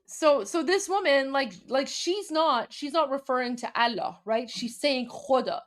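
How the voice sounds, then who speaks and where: A woman from Iran hosts a live commentary stream. Her voice sits a little high, and she talks emphatically, repeating herself and restarting often with plenty of fillers. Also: a little slow, fairly bright tone. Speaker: host.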